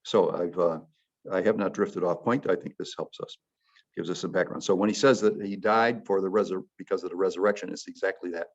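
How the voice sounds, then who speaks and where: A man's voice: sits low, a little fast, muffled recording. A man, a priest, leading an informal Bible study, rambling along with many fillers and restarts.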